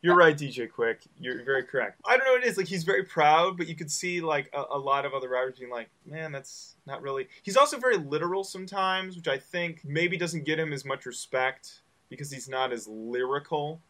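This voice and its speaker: A young man with a slightly high, bright, forceful voice co-hosts a casual podcast chat. He talks with eager enthusiasm and acts out quotes. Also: expressive, a little fast, hardly any pauses. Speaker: podcast co-host.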